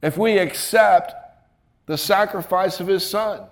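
A man's voice: high voice, unhurried. A man preaching a sermon in a folksy, emphatic way, with joking asides and repeated phrases.

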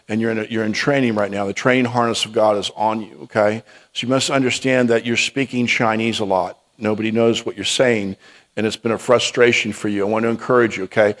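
A man preaching and telling testimony stories, then giving a prophetic word, with frequent restarts and repeated "okay?". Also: fairly low pitch.

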